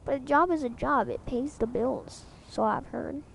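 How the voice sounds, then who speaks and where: A woman's voice: sits high, moderate pace, creaky, a little hiss or hum, low-quality recording. A woman playing a story game and reading it aloud, with self-mocking asides. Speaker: gamer.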